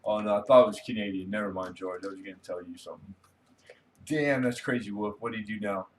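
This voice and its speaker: A man's voice: lowish voice, quick pace, slight background noise. A man hosting a casual late-night livestream, rambling easily and reading viewer comments aloud. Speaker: livestream host.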